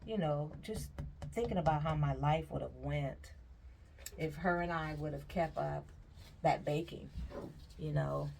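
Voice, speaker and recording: A woman's voice: deep voice, a little slow, gravelly, pauses often, darkish tone, a little hiss or hum. A middle-aged woman, chatting casually and laughing as she reminisces while she works on a craft. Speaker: vlogger. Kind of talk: casual chat while pouring paint.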